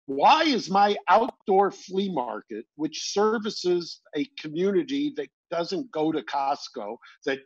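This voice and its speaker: A man co-hosts a podcast, arguing his point earnestly and firing off pointed questions. His voice is somewhat higher than most men's and husky, and the recording is dry and dull. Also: lively intonation, slow pace, few pauses, dry recording. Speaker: podcast co-host. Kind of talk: casual chat.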